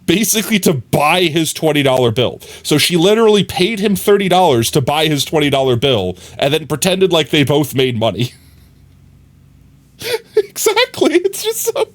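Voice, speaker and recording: Rambling male streamer, lively pitch. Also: brisk. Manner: rambling, laughing, reads chat aloud. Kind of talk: casual live-stream chat.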